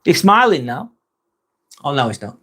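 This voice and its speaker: English bloke hosting a loose live chat, jokey and crude, voice sits a little high. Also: male voice, big pitch swings, moderate pace, fairly bright tone. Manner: sweary, joking and self-mocking. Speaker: live stream host. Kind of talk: casual live-stream chat.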